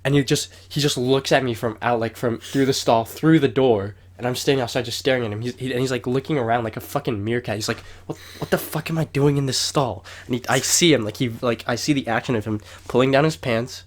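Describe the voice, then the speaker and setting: Talking fast with few pauses, a young man in a mid-range voice co-hosts a podcast. His long story wanders through casual chat, peppered with swearing and raised voices as he acts out quotes with energy.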